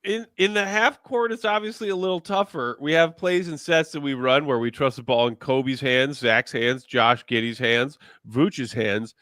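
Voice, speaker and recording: A man's voice: mid-range voice, normal speed, few pauses, fairly bright tone, no echo, studio quality. A man co-hosting a sports podcast, incredulous and sarcastic, mocking a player with made-up quotes. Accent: Chicago. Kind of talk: heated sports talk.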